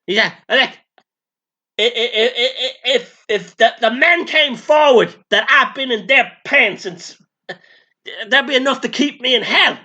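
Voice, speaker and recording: A man's voice: extremely high pitch, measured pace, sharp tone, muffled recording, voice pushed up, exaggerated voice. A man voicing a brash, flamboyant, foul-mouthed male showman spirit in a comic channeling sketch, talking in a camp, boastful way.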